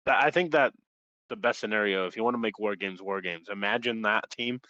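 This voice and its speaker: A lower-pitched man with a bright, forceful edge chats about wrestling as a co-host. He sounds enthusiastic and swears casually, heard through a dry, dull, lo-fi mic. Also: fairly quick, no room sound. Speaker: podcast co-host.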